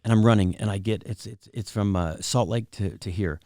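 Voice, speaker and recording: Animated middle-aged male comedian telling stories. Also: on the low side, fairly quick, no echo, studio quality. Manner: animated, acts out voices in anecdotes, laughs often. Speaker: comedian guest. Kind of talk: casual chat, storytelling.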